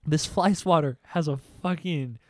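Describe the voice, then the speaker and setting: A young man telling a comedic story on a podcast, animated and profane, acting out sounds and quotes. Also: a little high, measured pace, no echo, clean studio sound.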